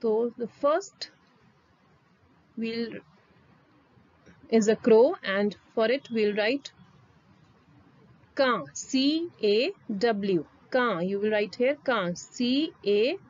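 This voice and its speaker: A woman's voice: fairly high pitch, animated, extremely slow, long pauses, muffled recording. A woman teacher, reading a lesson aloud to young children and spelling out words letter by letter.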